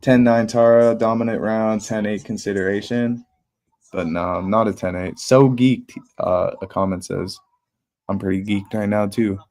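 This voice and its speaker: A man's voice: fairly low pitch, fairly even intonation, unhurried, darkish tone. A young man hosting a live fight watch party, talking casually and bluntly with slang and swearing. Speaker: livestream host.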